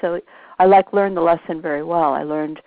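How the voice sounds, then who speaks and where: A woman's voice: fairly low pitch, steady tone, moderate pace, no echo. A woman caller sharing a personal insight hesitantly, searching for her words. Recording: dry tinny phone-like line.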